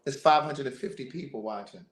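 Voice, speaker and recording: Guy on a livestream telling a story, animated, keeps repeating words, echoey room, mid pitch. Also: fairly quick. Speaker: livestream host. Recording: roomy echo.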